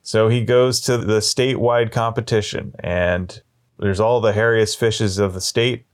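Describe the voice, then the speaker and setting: A man telling long shaggy-dog jokes in a deadpan way, slowing down and pausing as he builds them up. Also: lowish voice. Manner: deadpan, drawn-out storytelling with slow pauses. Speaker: storyteller.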